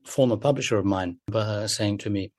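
An older man, a literary critic, speaking in a radio interview with emphatic, animated delivery and wide swings in pitch. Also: normal speed.

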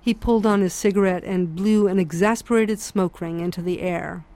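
A woman giving measured, reflective audiobook narration. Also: medium pitch, steady tone, mellow, no room sound.

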